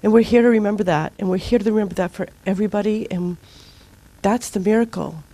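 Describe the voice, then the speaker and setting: A woman's voice: medium pitch, quick pace. A middle-aged woman leading a spiritual group, talking earnestly and informally, acting out her own outbursts as she tells stories. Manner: earnest, animated storytelling with acted-out outbursts.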